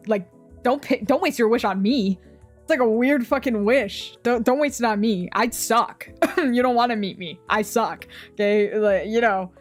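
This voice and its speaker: A young woman with a slightly high voice talks off the cuff on her stream. She rambles from thought to thought, swears casually and keeps laughing at her own ideas. Quiet music plays faintly behind her.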